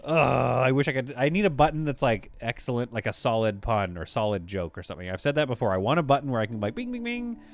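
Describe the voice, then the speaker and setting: A man's voice: mid-range voice, fast, gravelly, few pauses, dry recording. A man streaming a space-building game, chatting casually, rambling, and reading viewer messages aloud. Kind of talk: casual live-stream commentary.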